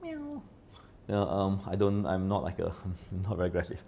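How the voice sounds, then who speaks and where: A man talking as a podcast guest in casual chat. He rambles, swears often and keeps asking "right?", swinging between loud and quiet. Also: low voice, flat delivery, a little fast, gravelly, a little hiss or hum.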